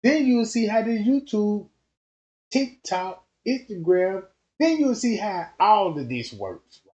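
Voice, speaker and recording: A man's voice: high-pitched, big pitch swings, slow pace, a little mellow, muffled recording. A man hosting a casual commentary stream, slangy and emphatic, repeating himself as he builds up his points. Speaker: YouTube commentator.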